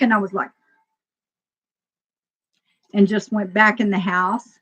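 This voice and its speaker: A woman telling a personal story to a live audience in a casual, emotional way, laughing often and swinging between loud and quiet. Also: medium pitch, fairly even intonation, unhurried, long pauses, slightly rough. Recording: dull lo-fi sound.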